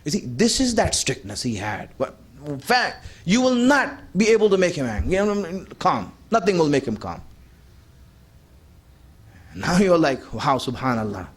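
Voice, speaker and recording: Man, religious speaker, sermon, high-pitched, emphatic, rhetorical questions, direct address. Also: sing-song, measured pace, husky. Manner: emphatic, repeats key points, asks rhetorical questions; conversational, addresses the audience directly.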